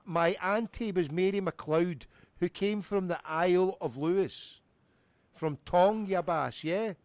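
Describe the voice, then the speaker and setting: A man making a prank phone call, rambling in a mock-pompous, deadpan way. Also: sits high, takes it slowly, no room sound. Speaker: prank caller.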